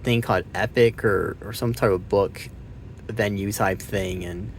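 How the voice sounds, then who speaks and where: Speaking a bit slowly in a lowish voice, this man reviews a movie casually, wandering off track, cursing freely, and losing his thread. He grows loud and excited when recounting scenes, over slight background noise.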